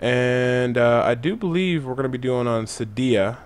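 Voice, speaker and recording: A man's voice: medium pitch, moderate pace, clean tone. A young man giving casual, chatty gameplay tutorial commentary, loose with fillers and gamer slang. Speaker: gaming channel host.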